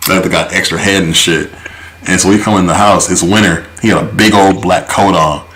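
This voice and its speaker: A man's voice: low-pitched, steady tone, a little fast, a bit bright, a little hiss or hum, poor audio. A man co-hosting a podcast, telling a story in a laid-back, slangy way with many fillers and chuckles. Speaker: podcast co-host. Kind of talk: casual storytelling chat.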